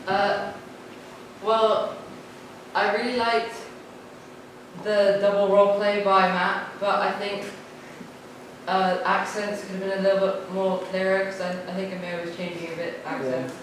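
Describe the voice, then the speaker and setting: A teenage boy student gives halting feedback on a classmate's performance in a high, flat voice. He sounds distant from the mic, in a very echoey room with faint noise. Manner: hesitant, halting. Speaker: drama student.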